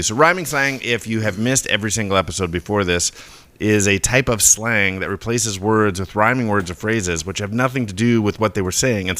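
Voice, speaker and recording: Deep-voiced man explaining word origins. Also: no room sound. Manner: relaxed, explanatory, stumbles and restarts often. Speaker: podcast co-host. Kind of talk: casual chat about word origins.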